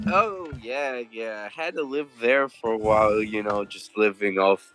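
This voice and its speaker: A man's voice: lowish voice, a little slow, fairly bright tone, soft background music. A man voicing a drunk young male paladin in a tabletop game, slurring, swearing and rambling.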